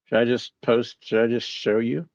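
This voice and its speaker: A man's voice: mid-range voice, steady tone, moderate pace, a little mellow, dry recording, muffled recording. A man hosting a casual live stream, musing aloud, reading chat replies and poking fun at his own confusion. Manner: bemused, self-mocking. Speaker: livestream host.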